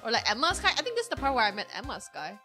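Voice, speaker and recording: Brief: woman game streamer, casual and excitable, swears and shouts at scary scenes, higher pitch. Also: very fast, music in the background.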